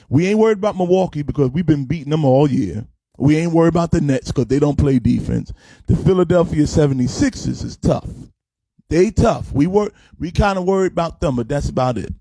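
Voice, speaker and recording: Man, pastor, sports chat host, emphatic, folksy, raised pitch, mellow tone. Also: no room sound. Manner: emphatic, folksy, repeats himself. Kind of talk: casual livestream sports chat.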